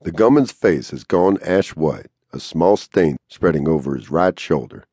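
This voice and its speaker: A man narrating a western audiobook in a steady, measured way into a close studio mic. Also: a bass voice, slightly rough, no echo.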